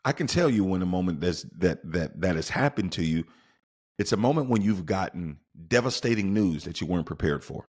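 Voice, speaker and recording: A man with a lowish voice talks through a motivational podcast episode, his pitch swinging widely as he leans on key words. He keeps putting questions straight to the listener. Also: animated, brisk, slightly rough. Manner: emphatic, with rhetorical questions to the listener. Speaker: podcast host.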